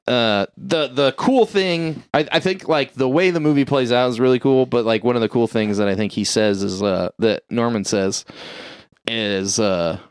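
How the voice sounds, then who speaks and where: A man's voice: fairly low pitch, clear, resonant tone, no room sound, studio quality. A man recapping a movie in casual chat, rambling and profane, with lots of "like" and "uh", and acting out the characters' lines.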